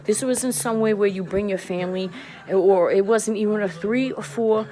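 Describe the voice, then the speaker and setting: This Bronx, New York vlogger tells a confessional story straight to her audience in a relaxed, casual style, stressing her points by saying them again. Her voice is warm and medium in pitch, delivered at a moderate pace.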